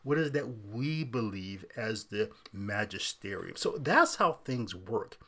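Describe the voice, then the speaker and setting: A middle-aged man hosting an unscripted commentary show, talking in an animated way, laughing and mocking as he goes. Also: on the low side, unhurried. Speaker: podcast host.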